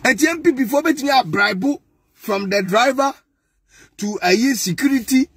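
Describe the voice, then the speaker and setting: A man's voice: extremely high pitch, lively intonation, moderate pace, a bit bright, slightly rough, dry recording. A Ghanaian man giving mocking, exasperated political commentary, now and then breaking into laughter.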